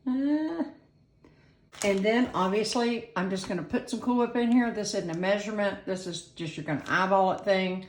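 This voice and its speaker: Working in front of a tripod-mounted camera, a woman hosts a laid-back home cooking video, chatting as she goes and teasing herself. Her voice is medium-pitched at a normal speed, and the echoey room recording carries a little hiss or hum.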